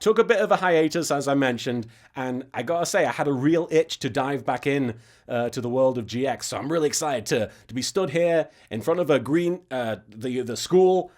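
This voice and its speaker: A man's voice: medium pitch, animated, moderate pace, a little mellow. A young British man hosting a comedic episode recap, rambling in a sarcastic, mock-serious way. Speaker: web series host. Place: standing in front of a green screen.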